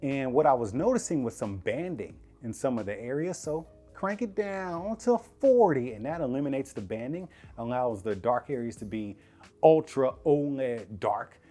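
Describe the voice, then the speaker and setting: A man talks through a TV review from his living room in a casual, slangy way, his pitch bouncing up and down in an animated delivery. He speaks straight to viewers like friends. Soft music plays faintly behind him. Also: moderate pace. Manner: chatty, laughing, slangy, addresses viewers directly. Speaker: tech reviewer. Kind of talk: casual product review vlog.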